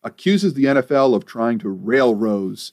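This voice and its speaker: A man co-hosting a podcast, giving dry, deadpan recaps with timestamps. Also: mid-range voice, normal speed, no echo. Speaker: podcast co-host. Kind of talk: casual podcast commentary.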